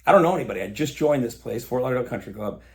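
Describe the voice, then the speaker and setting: Podcast guest, male, gravelly voice, animated storyteller who acts out quoted lines. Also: medium pitch, rapid-fire. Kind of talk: casual storytelling chat.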